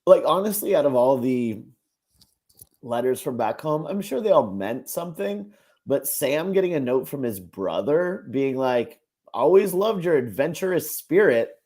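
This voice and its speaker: A man's voice: medium pitch, sing-song, a little slow, darkish tone. A man co-hosting a casual reaction podcast, talking animatedly, laughing often and acting out quotes in exaggerated voices. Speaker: podcast co-host.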